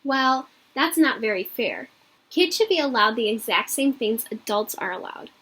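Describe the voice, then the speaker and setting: An earnest young schoolgirl who badly wants to be a grown-up and argues her case insistently, as a woman reads her lines aloud. The voice sits a little high with a husky, breathy edge. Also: expressive, moderate pace, a bit bright.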